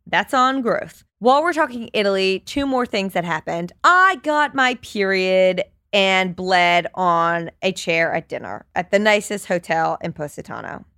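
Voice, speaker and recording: A woman's voice: medium pitch, unhurried, few pauses, no room sound, clean studio sound. Candid, chatty woman in her thirties. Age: 30s. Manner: candid, chatty, swears freely, animated retelling. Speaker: podcast host. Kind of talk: solo podcast storytelling.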